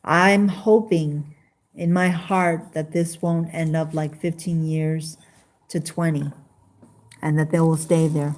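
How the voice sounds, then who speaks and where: A woman chatting casually on a live stream, halting, with many fillers and restarts. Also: deep voice, fairly even intonation, darkish tone. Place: home in Las Vegas.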